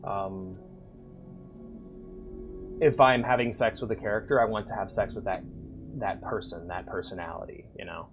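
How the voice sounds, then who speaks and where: A man's voice: lowish voice, steady tone, moderate pace, pauses often, soft background music. Crude, joking male game streamer. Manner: crude, joking, chats with viewers. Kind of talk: casual live-stream chat.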